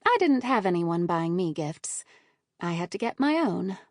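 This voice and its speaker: A woman reading a first-person romantic comedy audiobook in a measured, lively way, on a close studio microphone. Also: on the low side, no echo. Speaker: audiobook narrator.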